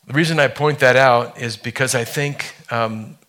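A man preaching a sermon to his church, reading scripture aloud and slowing down for dramatic effect. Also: mid-range voice, fairly even intonation, bright, forceful tone. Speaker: pastor.

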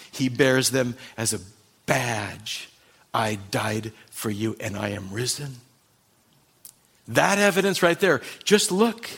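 Impassioned preacher man. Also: on the high side. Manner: impassioned, swings from loud emphasis to hushed intensity. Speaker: pastor. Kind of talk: sermon.

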